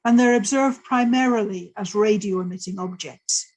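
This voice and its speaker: Older female lecturer, slightly husky, mid-pitched, storytelling talk. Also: normal speed, darkish tone, poor audio. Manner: vivid present-tense storytelling, explains plainly. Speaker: astrophysicist giving a talk. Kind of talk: lecture told as a personal story.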